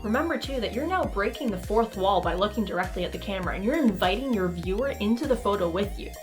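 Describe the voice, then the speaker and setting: A woman's voice: mid-range voice, expressive, quick pace, faint music behind. A woman hosting a casual cosplay tutorial, talking to the camera in a playful, goofy way and acting out expressions.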